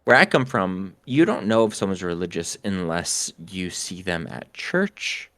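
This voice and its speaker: A man from the northern United States, a podcast co-host, telling a story in a casual, animated and profane way. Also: sits low, measured pace, no echo.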